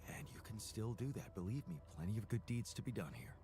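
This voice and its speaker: An actor playing a patient man in a video game who calmly reassures and guides his newly made double in a measured, soothing way. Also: fairly low pitch. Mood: reassuring. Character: calm male creator, patient, reassuring guide.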